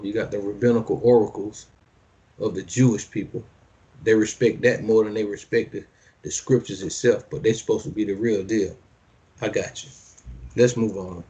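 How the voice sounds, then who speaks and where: A man preaching a sermon, reading verses slowly and solemnly, then commenting in loose, slangy everyday speech and repeating phrases for emphasis. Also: fairly low pitch, mellow.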